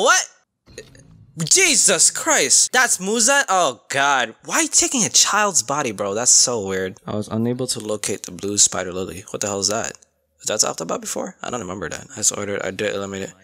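A young man giving casual, excitable reaction commentary, swearing freely and breaking into sudden outbursts. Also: medium pitch. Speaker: anime reaction youtuber.

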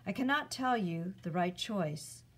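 A woman voicing a weary, wise old male centaur teacher in a storybook read-aloud, speaking calmly and firmly. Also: medium pitch, measured pace, slightly rough. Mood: measured.

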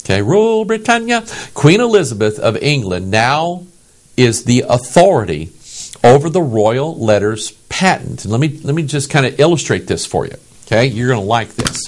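A man's voice: mid-range voice, normal speed. A pastor from the United States preaching a sermon in an emphatic way, often checking in with his listeners. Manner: animated, emphatic, asks the audience "okay?".

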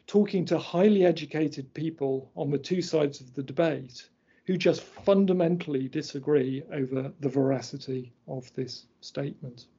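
Husky man giving a lecture. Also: on the high side, warm tone. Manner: explaining slides point by point, measured and precise. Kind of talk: academic lecture. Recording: dull lo-fi lecture recording.

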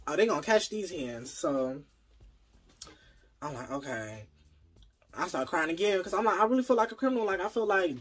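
A tired man telling a casual, profane story to his viewers, jumping from loud outbursts to low mumbles. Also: expressive, unhurried, long pauses, slightly rough. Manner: profane, slangy.

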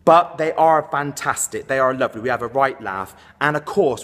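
A man with a mid-range, slightly bright voice talks at normal speed with hardly any pauses. He's a comedy character vlogger playing a role, delivering camp, self-promoting showbiz patter while out of breath from dancing in a dance hall.

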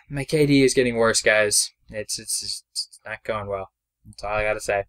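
A young man giving casual, chatty commentary over his own mobile game, excitable and self-deprecating, speaking into a desk mic. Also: on the low side, unhurried. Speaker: gameplay commentator.

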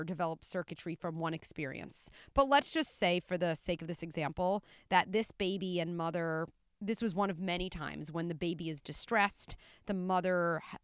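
A woman who is an expert guest on a podcast, giving careful, measured explanations. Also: lowish voice, clear, resonant tone, no echo, clean studio sound. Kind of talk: conversational interview.

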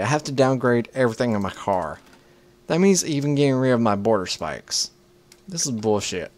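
A man in the middle pitch range narrates his gameplay in a loose, joking way. He swears often and talks back at the characters on screen. A faint hiss sits under the recording. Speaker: video game let's player. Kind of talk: casual gameplay commentary.

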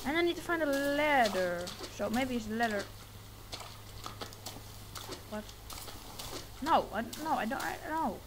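Jumpy high-voiced woman playing a horror game. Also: animated, unhurried, pauses often, background noise. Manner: jumpy, swears a lot, yells at enemies. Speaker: gameplay streamer. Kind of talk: horror game let's play commentary. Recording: loud game music behind the voice.

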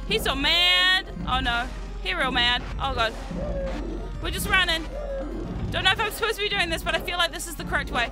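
A woman streamer giving live gameplay commentary. She is excitable, shrieks and swears at the game, and makes chatty, self-mocking asides to viewers. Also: very high voice, brisk. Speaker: VTuber streamer playing a video game. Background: game music.

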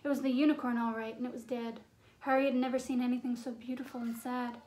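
A woman narrating a fantasy novel as an audiobook, in a measured, suspenseful storytelling manner. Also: fairly high pitch, little pitch movement, a little mellow. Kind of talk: storybook reading.

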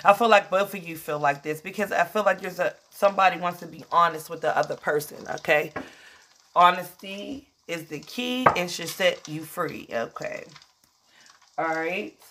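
A woman's voice: on the low side, moderate pace, fairly bright tone, a little hiss or hum. Emotional chatty woman tarot reader. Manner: chatty, emotional, calls listeners "child". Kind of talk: casual tarot reading.

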